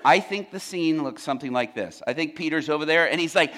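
A man preaching a sermon, telling its story with animated humor. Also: a little high, fairly quick.

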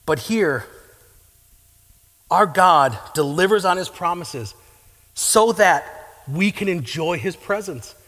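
Fervent preacher, male, high and bright, in a reverberant church hall. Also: expressive, slow pace, pauses often. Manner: fervent, rising to impassioned pleading. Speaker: pastor. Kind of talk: sermon.

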